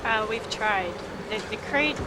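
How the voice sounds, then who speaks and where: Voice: medium pitch, lively intonation, a little slow, background noise. A dog owner hesitantly describing their pet's separation anxiety.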